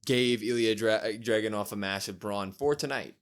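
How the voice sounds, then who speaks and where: Lowish in pitch, his voice is clear and resonant and keeps a moderate tempo. He's a podcast co-host going over a wrestling show casually, animatedly acting out the wrestlers' words as he recaps.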